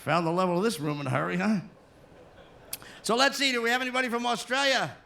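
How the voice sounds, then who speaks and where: A man's voice: high-pitched, lively intonation, fast talker, gravelly, bright, forceful tone. A man doing stand-up comedy as a cruise ship comedian, working the crowd and slipping into silly put-on voices. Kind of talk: stand-up comedy to a live audience.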